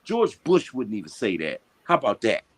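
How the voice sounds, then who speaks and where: A man's voice: fairly low pitch, huge pitch swings, normal speed. A man hosting a podcast, talking in a heated, casual and profane way, full of slang and emphasis. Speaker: boxing podcast host.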